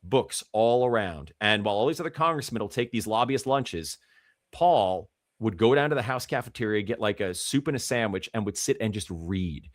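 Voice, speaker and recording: A man talking as a podcast guest, telling a story in an animated way and acting out the quotes. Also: lowish voice, moderate pace, no room sound, studio quality. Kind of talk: casual storytelling.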